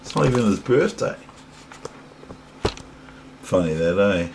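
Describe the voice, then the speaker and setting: Slow rambling older New Zealand man. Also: fairly low pitch, lively intonation, vocal fry, noisy background. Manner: rambling, chatting to toys, full of ums and asides. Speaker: chess teacher. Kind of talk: casual vlog chat.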